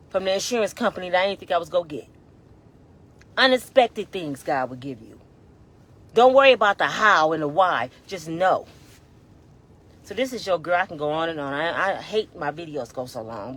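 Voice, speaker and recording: A woman in her fifties giving a casual, preachy motivational talk, exhorting listeners as y'all, swinging between loud urging and hushed tones, holding back tears. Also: on the low side, slight background noise. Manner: colloquial, addresses listeners as y'all. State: near tears. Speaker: inspirational vlogger.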